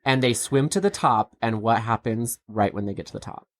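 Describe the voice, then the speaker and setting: Very low-voiced woman, chatty podcast recap. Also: moderate pace, no echo, clean studio sound. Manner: chatty, laughing, acts out quotes. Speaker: podcast co-host. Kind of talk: casual recap chat.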